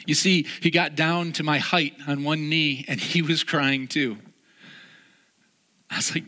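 Guy preaching, bright forceful voice, earnest, keeps repeating lines for punch. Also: on the high side, fairly even intonation, measured pace. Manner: earnest, repeats phrases for emphasis. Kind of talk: sermon with personal story.

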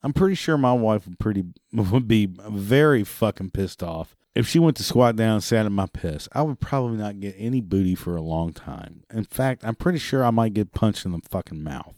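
A man's voice: lowish voice, animated, normal speed, few pauses, darkish tone, no room sound. Profane ranting man, dry sound. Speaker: ranting commentator. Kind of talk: profane monologue rant.

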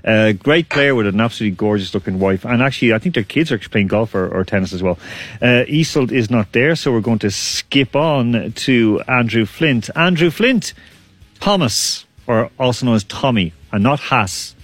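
A man's voice: medium pitch, expressive, normal speed, no room sound. A man hosting a casual online quiz, chatty and laughing often. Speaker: quiz host.

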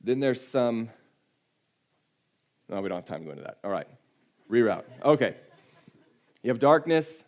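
A man preaching in a loose, conversational way, with a voice of ordinary pitch. He often sinks to a low, quiet tone to press a point. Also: very animated, moderate pace, long pauses. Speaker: pastor. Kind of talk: sermon.

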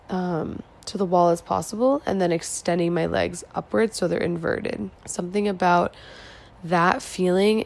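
A woman's voice: medium pitch, creaky, darkish tone. A tired young woman vlogger chatting casually late at night, musing and rambling with lots of "like". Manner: rambling, musing, heavy filler "like". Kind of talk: casual chat.

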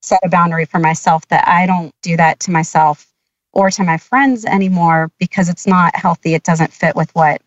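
A woman's voice: on the low side, moderate pace, no room sound, dull audio. A woman guest on a podcast, a nurse, talking candidly and reflectively. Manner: candid, reflective, with light laughs. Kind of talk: casual interview chat.

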